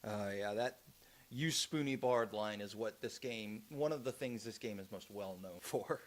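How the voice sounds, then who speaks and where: A man's voice: fairly low pitch, normal speed. A young man streaming a game, chatting casually about it and often restarting his sentences midway.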